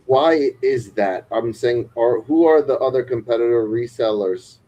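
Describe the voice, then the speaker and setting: A man's voice: mid-range voice, measured pace, mellow, dull audio. A man co-hosting a casual stream, asking questions and restarting his sentences often. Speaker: co-host of a doll shop stream. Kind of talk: casual chat.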